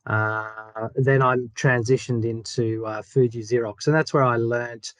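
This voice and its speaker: A man's voice: mid-range voice, fairly even intonation, a little slow, no room sound. An Australian man answers interview questions over a video call. He talks hesitantly, with many ums and restarts. The sound is dry and close. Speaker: guest.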